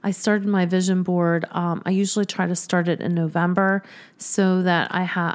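Giggly, emotional woman podcast host. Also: on the low side. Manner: warm, giggly, emotional, rambling. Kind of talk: casual solo podcast chat. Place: home office.

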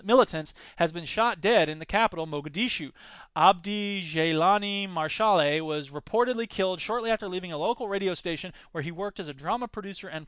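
A sarcastic man hosts his own podcast, reading out news stories and then tearing into them in a lively, joking way. His voice sits high and sounds crisp and smooth, and the recording is dry and close with no room sound. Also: dry recording. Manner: sarcastic, animated, jumps between topics. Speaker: podcast host. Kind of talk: solo news commentary podcast.

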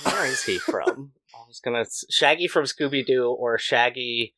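A man's voice: medium pitch, moderate pace, a crowd in the background. A man co-hosting a podcast in casual chat, earnestly explaining trivia and correcting details. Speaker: podcast co-host.

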